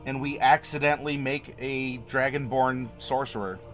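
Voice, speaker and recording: A man's voice: medium pitch, fairly even intonation, moderate pace, a bit bright, soft background music. A man hosting a casual livestream, chatting with viewers in a rambling, friendly way and laughing often. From Florida. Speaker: livestream host. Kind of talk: casual livestream chat reading viewer comments.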